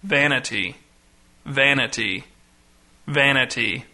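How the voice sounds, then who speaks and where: An odd, solemn pastor with a deep, sonorous voice, as a male narrator puts him on. He chants very slowly and draws out every word. His tone is bright and forceful, and it is part of a storybook reading. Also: full character voice. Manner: slow, drawn-out chanting.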